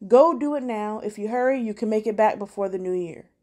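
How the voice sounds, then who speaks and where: A woman's voice: medium pitch, fairly quick, darkish tone, close to an everyday voice. A woman voicing a cocky young male street dealer who mocks and orders others around. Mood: bossy. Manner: cocky, mocking, bossy.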